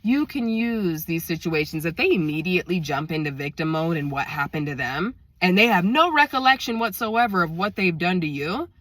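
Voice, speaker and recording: A woman's voice: lowish voice, expressive, moderate pace, few pauses, fairly bright tone, no room sound. A woman in her thirties tells a story to her viewers, indignant and emphatic, often speaking straight to them. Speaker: vlogger.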